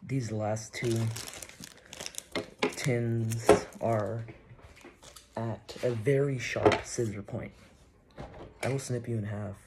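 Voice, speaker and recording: Man, card-opening vlogger, playful fake threats, average pitch, clattering dishes in the background. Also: slow pace, long pauses, very noisy. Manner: playful mock threats, excitable reactions. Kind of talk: casual commentary while opening cards.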